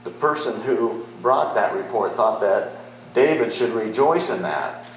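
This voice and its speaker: A middle-aged male pastor preaching slowly, his fairly low voice carried through a very echoey sanctuary. He moves from easy, conversational teaching to strong, emphatic declarations. A faint hum sits under the room. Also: lively intonation. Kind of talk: sermon.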